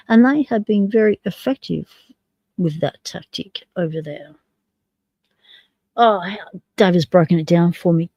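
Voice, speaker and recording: A woman's voice: fairly low pitch, darkish tone, no room sound, dull audio. A woman with an Australian accent, hosting a casual livestream chat in a rambling, jokey way. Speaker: livestream host.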